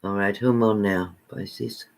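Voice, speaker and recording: A man's voice: lowish voice, fairly even intonation, slow pace, slight background noise. A man acting as a psychic card reader, giving blunt zodiac messages in profane, repetitive, bossy tough-love commands.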